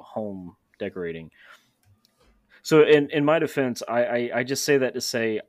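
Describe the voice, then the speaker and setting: A man's voice: medium pitch, no room sound. A man hosting a casual podcast conversation, telling candid, self-deprecating stories. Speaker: podcast host.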